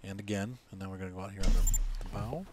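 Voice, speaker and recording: A man's voice: low voice, steady tone, fast talker, darkish tone, slight background noise. A man casually commenting on his own gameplay, thinking aloud and correcting himself as he plays. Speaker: let's play host.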